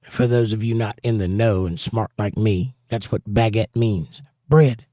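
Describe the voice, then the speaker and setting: A man's voice: fairly low pitch, fairly even intonation, moderate pace, dark tone, no echo, studio quality. A man hosting a livestream in a casual chat, reading out viewer comments with a jokey, chatty manner.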